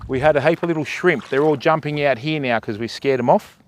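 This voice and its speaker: A man's voice: fairly high pitch, a little fast, slight background noise. An older Australian man hosting a fishing livestream from a river at night, chatting casually to his viewers and calling them mate and bud. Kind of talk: casual live-stream commentary. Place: outdoors by a river at night, wading in the water.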